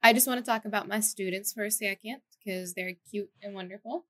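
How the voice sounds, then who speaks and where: A woman's voice: mid-range voice, a little fast, sharp tone. A young woman who teaches children abroad, chatting casually and giggling as she tells stories on a podcast. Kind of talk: casual chat.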